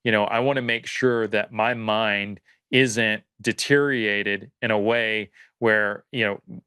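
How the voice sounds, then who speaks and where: A man's voice: lowish voice, fairly even intonation, slow, bright, forceful tone, clean tone, dry recording. A man speaking as a podcast guest, earnest and reflective, often circling back and restarting his thoughts. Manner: earnest, searching, lots of fillers and restarts. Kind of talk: casual reflective conversation.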